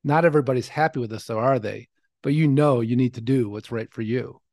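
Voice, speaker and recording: A man quoting a female psychic card reader in a soft, confiding way, in his own voice. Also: medium pitch, brisk, dry recording, studio quality, close to an everyday voice.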